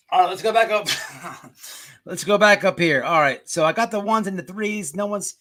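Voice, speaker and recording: A man's voice: sits high, moderate pace, fairly bright tone. A man hosting a livestream commentary show, rambling and emphatic with many restarts. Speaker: host.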